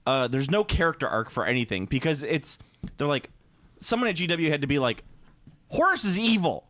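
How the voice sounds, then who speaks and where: A man's voice: medium pitch, very animated, brisk, a bit bright, dry recording. A man co-hosting a gaming podcast in casual, joking chat, often restarting his sentences. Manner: chatty, joking, trails off into restarts. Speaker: podcast co-host.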